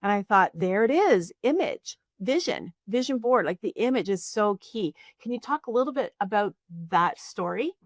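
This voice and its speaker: A woman's voice: medium pitch, animated, normal speed, hardly any pauses, dry recording, studio quality. A woman hosting a podcast, asking chatty questions with fillers. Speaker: podcast host. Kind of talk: casual interview.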